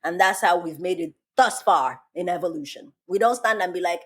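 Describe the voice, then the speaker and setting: A young woman from Nigeria hosting a podcast, chatting casually and telling an animated story, laughing often. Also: on the low side, moderate pace, few pauses. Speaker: podcast host. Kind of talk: casual chat.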